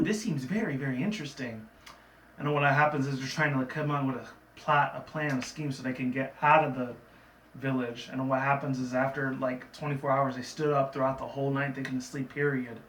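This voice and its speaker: A man's voice: medium pitch, little pitch movement, brisk, fairly bright tone. A man casually recapping a cartoon episode in a chatty, digressive way, with lots of fillers. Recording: roomy, from a distant mic, faint background noise.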